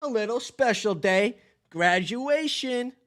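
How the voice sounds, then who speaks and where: Man playing an eager young bee, excitable, raised pitch, lively melody. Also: slow pace, full character voice. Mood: proud.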